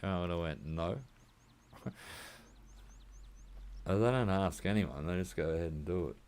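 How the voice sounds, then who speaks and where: A man's voice: sits low, normal speed, darkish tone, smooth. A middle-aged Australian man chatting casually and rambling while he plays a hunting game, with a laid-back manner and frequent chuckles. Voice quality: laid-back rambling, chuckling often, slang like mate and reckon. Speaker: gaming streamer. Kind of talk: casual gameplay chat.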